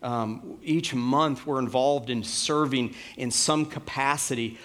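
A middle-aged pastor preaches in a church, telling a story in a relaxed, conversational manner with plenty of fillers. His voice is mid-range and slow.

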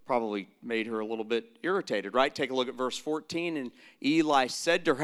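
Earnest pastor, fairly high voice. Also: male voice, a little fast, hardly any pauses. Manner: earnest preaching, swings from loud emphatic lines to hushed near-whispers. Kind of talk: sermon.

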